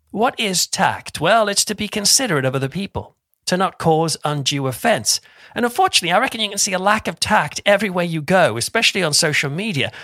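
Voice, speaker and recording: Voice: mid-range voice, pushed and bright, no room sound, clean studio sound. A YouTuber giving a conversational reflection on a Bible passage, chatty and informal with asides and restarts.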